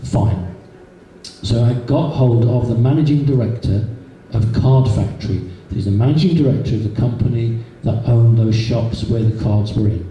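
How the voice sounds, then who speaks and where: A man's voice: mid-range voice, moderate pace, warm tone, distant mic. A man giving an anecdotal public talk to an audience, in a chatty storytelling way with repeated words. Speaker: guest speaker. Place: meeting hall. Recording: echoey hall from a room recorder, faint noise.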